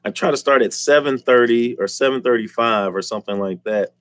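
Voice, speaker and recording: A man's voice: medium pitch, fairly quick, no echo. A man hosting a casual live stream, joking and teasing the chat and laughing often. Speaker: livestream host.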